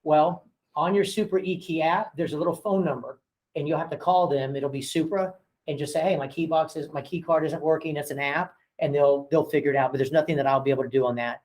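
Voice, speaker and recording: A man's voice: fairly high pitch, fairly even intonation, a little fast, darkish tone, poor audio. A man, a real estate broker and owner, leading a casual training session for his agents and telling frank stories from work. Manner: storytelling, acting out phone calls with voices; frank, chatty, with many fillers.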